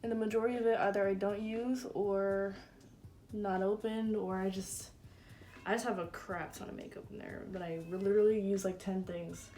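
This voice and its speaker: A woman's voice: mid-range voice, steady tone, moderate pace, dark tone, a little hiss or hum. A woman in her twenties chatting casually and crudely through her makeup routine at home, with a lot of "like". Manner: chatty, crude, fillers of "like" everywhere. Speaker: beauty vlogger. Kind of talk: casual get-ready-with-me chat. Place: room at home.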